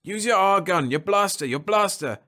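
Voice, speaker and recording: A man voicing a gruff male spaceship captain who barks orders and curses. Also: sits high, animated, moderate pace, fairly bright tone, pitched above the performer's own voice. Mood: urgent barking. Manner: barking orders, cursing.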